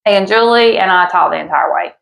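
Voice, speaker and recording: Gravelly woman co-host. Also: medium pitch, brisk, fairly bright tone, poor audio. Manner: candid, joking storyteller. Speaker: podcast co-host. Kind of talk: casual chat.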